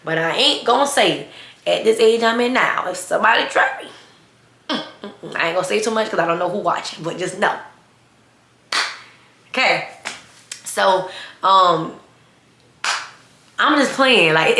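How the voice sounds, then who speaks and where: A young woman spins a storytime vlog in a blunt, sassy and animated way. Her voice is bright and forceful, at a middle pitch. It sits in a roomy, echoey space. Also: moderate pace, vocal fry, long pauses, a little hiss or hum. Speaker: vlogger. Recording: roomy echo.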